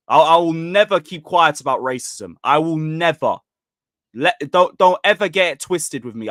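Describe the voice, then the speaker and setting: A man's voice: medium pitch, fairly bright tone, no room sound, clean studio sound. A man hosting a football live stream, ranting bluntly and angrily at his chat.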